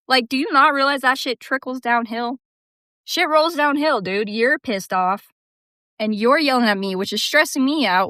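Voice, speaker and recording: A woman's voice: mid-range voice, a bit bright, dry recording, studio quality. A young woman telling a casual storytime rant about work, sarcastic, swearing and laughing often. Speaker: vlogger.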